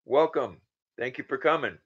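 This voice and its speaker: A man's voice: medium pitch, moderate pace, fairly bright tone, slightly rough. A man in his sixties hosting a casual livestream, greeting viewers by name and reading their comments aloud. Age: 60s. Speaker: livestream host. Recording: dull lo-fi sound.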